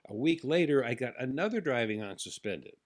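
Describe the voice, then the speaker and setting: A man's voice: medium pitch, brisk. Man telling a rambling personal story. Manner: animated, acts out the people in his stories. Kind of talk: casual anecdotal storytelling.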